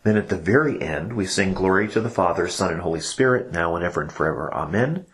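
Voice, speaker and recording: A man's voice: low voice, expressive, quick pace, a bit bright. A man explaining, step by step, how cantors lead a church service, in a patient instructional podcast. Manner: patient explaining, breaks into chanted examples.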